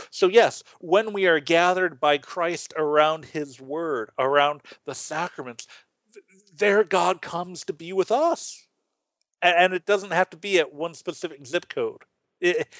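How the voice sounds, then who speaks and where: A man hosting a casual Bible study talk, animated and full of restarts, playfully acting out voices as he tells stories. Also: a little high, a little slow, no room sound. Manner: animated, acts out quoted voices, frequent restarts. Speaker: podcast host teaching the Bible.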